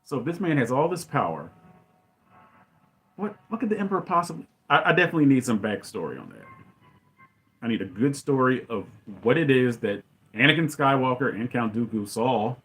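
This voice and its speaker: A man giving opinionated, ranting fan commentary as a channel host, with loud outbursts. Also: mid-range voice, big pitch swings, brisk. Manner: ranting, exclaims loudly.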